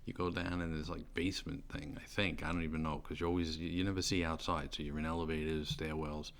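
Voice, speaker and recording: Telling the story of his own sentencing, a middle-aged man rambles casually, full of fillers and restarts. His voice rumbles low yet sounds a bit bright, with a flat delivery at a quick pace. There's faint noise in the background.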